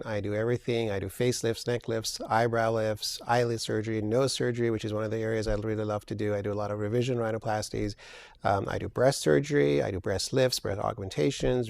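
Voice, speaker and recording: A man with a gravelly, low-set voice talks steadily through his answers as a surgeon guest, pausing on fillers as he explains. The sound is dry and close, with no room around it. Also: a little mellow, no room sound. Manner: measured, explanatory, with frequent fillers. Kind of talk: interview answers.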